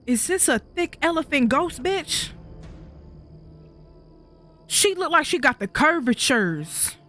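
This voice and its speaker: A woman's voice: high voice, animated, slow pace, pushed and bright, faint music behind. A woman streaming a video game with casual, sassy, profane commentary, talking back to the characters on screen. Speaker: gaming streamer. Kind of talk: casual let's-play commentary.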